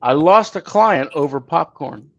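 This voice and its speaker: A man's voice: a little high, expressive, a little slow, gravelly, a bit bright. A man co-hosting a casual morning chat show, teasing and pressing the others with questions. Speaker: co-host. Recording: dull, dry remote-call audio.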